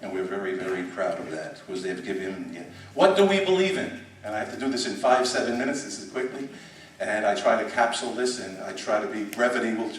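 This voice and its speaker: Middle-aged man, superintendent, emphatic conference speech, lowish voice, echoey hall, far from mic. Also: slight background noise. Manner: emphatic, repeats words and restarts. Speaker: school superintendent. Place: conference room.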